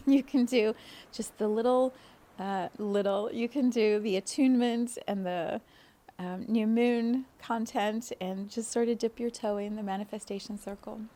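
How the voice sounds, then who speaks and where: A woman hosting a spiritual podcast, talking in a gentle, flowing way and laughing often. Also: on the high side, steady tone, measured pace. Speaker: podcast host, spiritual guide.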